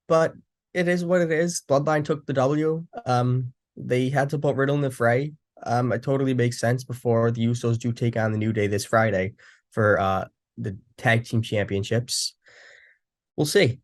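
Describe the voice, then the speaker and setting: A man's voice: mid-range voice, moderate pace. A young man casually recapping a wrestling show, rambling with frequent restarts and fillers.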